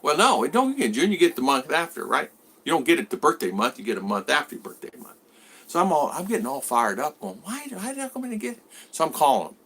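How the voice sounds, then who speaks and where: A man in his sixties with a bright, forward voice, chatting loosely on a live stream. He drifts from one thought to the next as he greets viewers by name and answers them. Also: medium pitch, very animated, fast talker, slightly rough. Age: 60s. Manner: rambling, greets viewers by name and reads their comments. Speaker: vlogger host. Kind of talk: casual live-stream chat.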